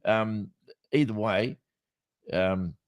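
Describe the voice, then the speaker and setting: A middle-aged Australian man with a lowish voice hosts a relaxed chat. He rambles, jokes and laughs easily. The sound is dry and close. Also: extremely slow, dry recording. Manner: rambling, jokey, laughs often. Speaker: podcast co-host. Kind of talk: casual chat.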